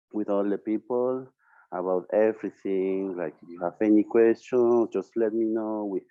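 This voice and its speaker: A Peruvian man with a Spanish accent joins the interview over a tinny, call-like line that sounds close and dry. His voice sits a little low, and he speaks English as a second language in a friendly, enthusiastic way, leaning on fillers. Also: no echo. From Peru. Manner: friendly and enthusiastic, with loose non-native phrasing and fillers like "you know". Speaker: interview guest, entrepreneur.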